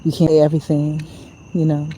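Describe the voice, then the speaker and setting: A woman's voice: low voice, completely flat delivery, a little fast, warm tone, a little hiss or hum, low-quality recording. A woman talking to her phone while walking outdoors at night, in a reflective, conversational way full of "you know". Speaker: vlogger. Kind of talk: casual walk-and-talk monologue.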